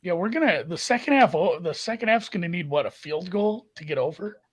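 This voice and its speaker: Husky guy, kinda high voice, swings all over the place, chatty sports stream cohost. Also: brisk, rough recording. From Minnesota. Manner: animated storyteller, laughs often. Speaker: podcast co-host. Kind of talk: casual sports betting chat.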